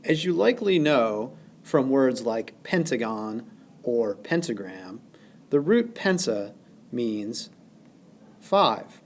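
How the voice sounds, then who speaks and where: Male teacher, recorded lesson; slow, deliberate delivery, lively pitch, leans hard on stresses. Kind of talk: recorded classroom lesson narration.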